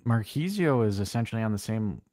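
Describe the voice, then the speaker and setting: A man co-hosting a casual football live stream, blunt and animated, swearing freely as he tells stories. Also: on the low side, a little fast, dry recording, clean studio sound. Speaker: co-host.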